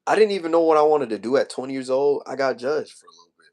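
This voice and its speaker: A man's voice: mid-range voice, fast talker, a little mellow. A young man in his twenties rants casually to his livestream chat. He talks in loose slang, circles back over the same points and sounds emotional as he vents. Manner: casual slangy rant, repeats himself, emotional. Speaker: streamer.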